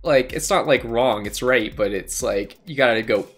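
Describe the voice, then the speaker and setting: A man's voice: mid-range voice, normal speed, fairly bright tone. Rambling young man in a joking stream chat. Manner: rambling, joking, acts out quoted dialogue. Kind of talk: casual chat.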